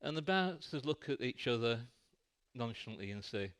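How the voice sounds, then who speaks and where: A man's voice: medium pitch, lively intonation, moderate pace, fairly bright tone, smooth. A man preaching a sermon in a church, telling a light-hearted story.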